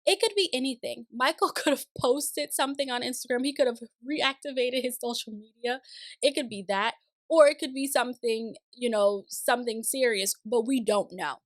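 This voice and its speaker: Young woman doing a chatty tv recap, fairly high voice, dry room, sassy and fed up. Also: normal speed, no echo. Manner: sassy, opinionated, exasperated asides. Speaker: show recap host. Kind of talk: casual reality TV recap commentary.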